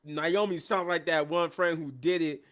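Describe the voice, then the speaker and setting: A man hosting a live show, retelling events in a casual, animated recap and acting out the quotes. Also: on the high side, normal speed.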